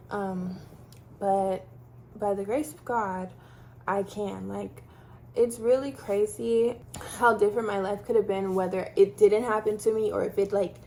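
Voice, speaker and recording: A woman from Texas chats casually to the camera as a vlogger telling her own story, leaning on fillers like "like" and "um." Her voice sits in the mid range with a warm tone, and there's slight background noise.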